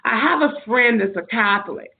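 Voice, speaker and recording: A woman with a fairly high voice tells earnest, spiritual personal stories as a podcast guest, rambling through long, loose anecdotes. Her voice comes through narrow and tinny, like a phone line. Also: moderate pace. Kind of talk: personal storytelling in an interview.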